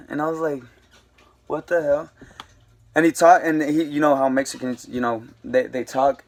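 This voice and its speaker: A man's voice: on the high side, steady tone, normal speed. A young man casually telling a rambling, slangy story to camera, with lots of fillers. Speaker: vlogger.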